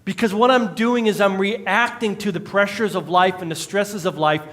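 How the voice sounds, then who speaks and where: A man's voice: sits high, steady tone, normal speed, a bit bright. A male pastor, preaching a conversational sermon with jokes and acted-out quotes in a church. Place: church sanctuary.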